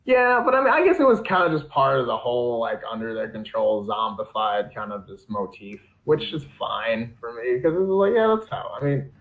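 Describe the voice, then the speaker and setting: A man's voice: mid-range voice, big pitch swings, normal speed, few pauses. A man co-hosting a podcast in casual movie-review chat, loose and full of "like" and "I mean". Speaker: podcast co-host. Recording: roomy, dull lo-fi sound.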